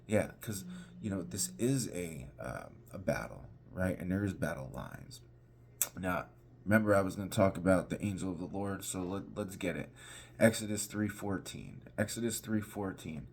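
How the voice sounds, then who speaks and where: A pastor teaching an informal devotional, talking conversationally with restarts and emphatic repetition. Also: male voice, low voice, very animated, normal speed, vocal fry, slight background noise.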